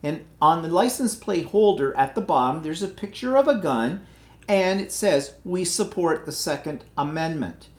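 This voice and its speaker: A man's voice: a little high, lively intonation, normal speed, darkish tone. A man hosting a livestream, talking through a rambling, indignant opinion piece with plenty of fillers. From Canada. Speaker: livestream host. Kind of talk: casual opinionated monologue. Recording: roomy echo.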